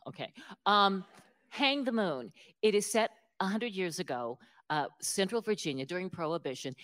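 A woman author being interviewed, telling stories in an animated, self-deprecating way and laughing often. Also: sits low. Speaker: author guest. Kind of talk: conversational interview storytelling.

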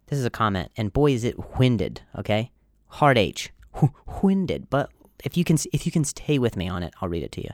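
A man's voice: on the low side, no echo, studio quality. A man hosting a comedy podcast with a strong stutter, repeating words and blocking on sounds, self-deprecating and rambling. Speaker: podcast host.

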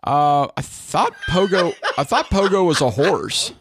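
A man playing a casual trivia game, excitable and jokey as he talks through his team's answer. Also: fairly high pitch, measured pace, soft background music. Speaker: trivia contestant, team captain.

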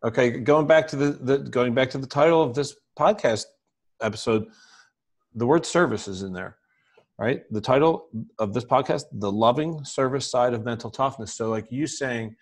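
A man hosting a podcast interview, talking in an energetic, rambling way with frequent restarts and easy laughter. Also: medium pitch, normal speed. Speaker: podcast host.

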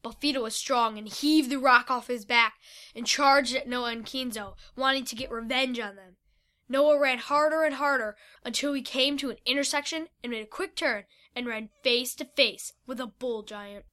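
A woman narrating a children's adventure story in a lively, animated reading. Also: a little high, moderate pace.

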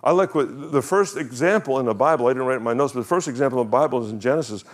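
Guy preaching in church, chatty, reads verses real slow, keeps asking the crowd stuff. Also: mid-range voice. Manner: conversational preaching, reads scripture slowly, asks congregation questions. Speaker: pastor. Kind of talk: sermon.

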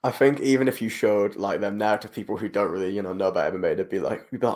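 A man's voice: fairly low pitch, fast, few pauses, darkish tone. A man chatting casually on a podcast about covering fights, rambling with lots of fillers like "like" and "you know". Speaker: MMA journalist.

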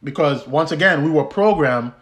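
A man's voice: on the high side, expressive, moderate pace. A young man hosting a podcast, telling a personal story in a conversational way with many restarts and easy laughs. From U.S. Virgin Islands. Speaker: podcast host. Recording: roomy echo.

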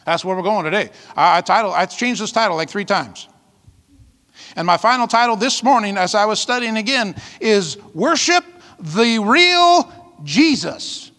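A male pastor preaches with emphatic, fiery delivery, calling out to his congregation in a high-sitting, fairly bright voice at a slightly fast pace. The church hall recording has the long reverb of a large hall.

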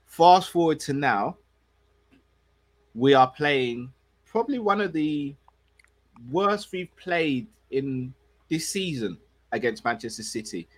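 A man, co-hosting a casual football podcast in a relaxed, slangy and measured way. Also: a little high. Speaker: podcast co-host.

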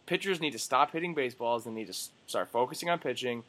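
Animated young man telling sports stories. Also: mid-range voice, quick pace. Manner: animated storyteller, swears, acts out quoted voices. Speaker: sports podcast co-host. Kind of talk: casual chat.

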